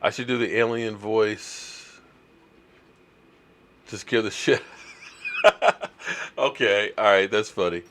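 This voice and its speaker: A man's voice: lowish voice, fairly even intonation, takes it slowly, pauses often, a bit bright, slight background noise. Chatty middle-aged man hosting a stream. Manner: chatty, reads viewer comments aloud. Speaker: live stream host. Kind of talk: casual live stream chat about football.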